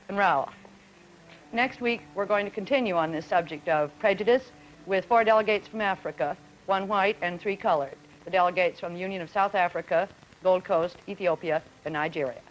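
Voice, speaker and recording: Brisk woman moderating a 1950s panel. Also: medium pitch, slight background noise, rough recording. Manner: brisk, poised questioning. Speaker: moderator of a student forum. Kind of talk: 1950s broadcast panel discussion.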